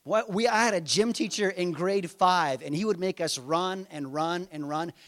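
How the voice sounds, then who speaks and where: A man's voice: high voice, normal speed, fairly bright tone. A middle-aged man preaching a conversational sermon, asking his listeners rhetorical questions. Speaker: pastor.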